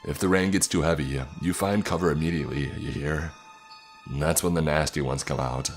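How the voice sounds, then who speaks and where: A man voicing a gruff, protective middle-aged father who speaks in a stern, commanding drawl. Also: rumbling low, normal speed, faint music behind.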